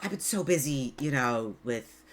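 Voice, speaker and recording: A woman's voice: very deep voice, expressive, unhurried, pitched below the performer's own voice, exaggerated voice. A woman voicing a flustered young woman adventurer who stammers and restarts, in a tabletop game.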